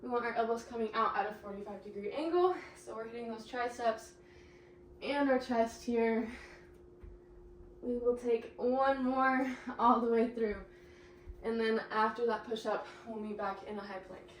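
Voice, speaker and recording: A young woman guides a pilates class, cueing each move and counting down while she works out herself and runs short of breath. Her voice sits a bit high, and it comes from some distance in an echoey room with faint background noise. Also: steady tone, moderate pace. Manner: encouraging cues, breathless laughs while exercising. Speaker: pilates instructor. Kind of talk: instructing a workout class.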